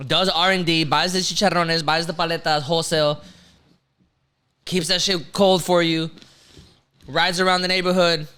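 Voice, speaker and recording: A man co-hosting a casual chat show, laughing often and talking in slangy, animated bursts. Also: on the high side, moderate pace, long pauses, clean tone. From Texas. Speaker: co-host.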